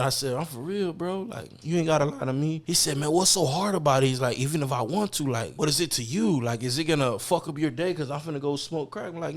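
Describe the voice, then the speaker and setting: Blunt, profane man telling street stories. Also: fairly high pitch. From Texas. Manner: blunt, profane street talk with many fillers. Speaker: podcast guest. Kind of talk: candid storytelling interview.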